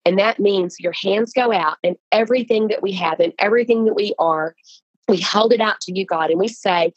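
Brisk and mid-pitched, a woman recounts how she wrote and launched her book, talking casually as an earnest, animated guest who keeps restarting her thoughts. The recording is dry with the highs cut off, and faint music can be heard behind her.

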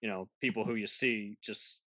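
A man's voice: lowish voice, fairly even intonation, normal speed, fairly bright tone, dry recording. Guy hosting a movie podcast, talks in loose restarts, muffled dry recording. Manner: rambling, self-interrupting, laughs often. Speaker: podcast host. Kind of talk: casual film review chat. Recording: dull lo-fi dry sound.

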